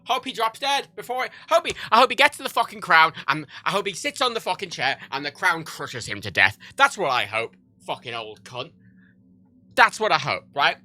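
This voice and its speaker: Sharp-voiced, profane streamer rambling animatedly. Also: male voice, on the high side, big pitch swings, normal speed, no room sound. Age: 30s. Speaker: livestreamer. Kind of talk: casual livestream chat while gaming.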